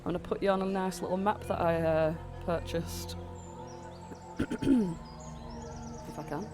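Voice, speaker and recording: A man's voice: sits high, steady tone, slow pace, music in the background. A man narrating as game master of a tabletop game, rambling with lots of fillers while he has a cold.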